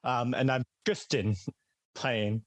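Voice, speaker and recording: A man's voice: mid-range voice, fairly even intonation, slow pace, no echo. A man playing a tabletop game, introducing his character in a playful, teasing way. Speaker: player.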